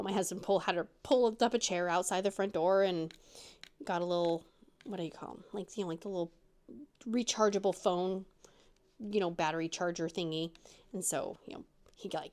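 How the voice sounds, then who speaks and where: A middle-aged woman hosting a crafting vlog, telling a story in a rambling, animated way with lots of fillers and restarts, and jumping up in pitch when she quotes other people. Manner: acts out quoted voices with big pitch jumps. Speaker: crafting channel host.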